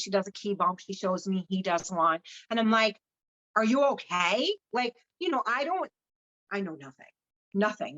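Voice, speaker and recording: In a slightly dull recording, a female podcast guest shares her personal story openly, swearing freely and acting out quoted dialogue. Her voice is medium in pitch with a fairly bright tone.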